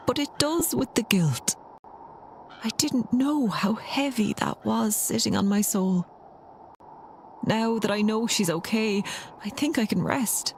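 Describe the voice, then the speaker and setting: An actress voicing a gentle, grieving young mother in a video game, speaking softly and often half in a whisper. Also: fairly high pitch, takes it slowly, slight background noise. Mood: relieved.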